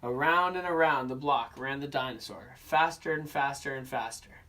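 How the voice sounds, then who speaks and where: A young man, a student, narrating a children's picture book aloud for an oral interpretation class in a steady storybook manner. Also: medium pitch, moderate pace, distant mic. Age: young adult. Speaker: student reader.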